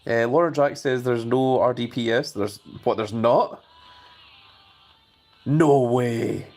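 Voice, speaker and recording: A man's voice: medium pitch, slow pace, darkish tone, soft background music. A man hosting a live stream, chatting casually and reading viewer messages aloud.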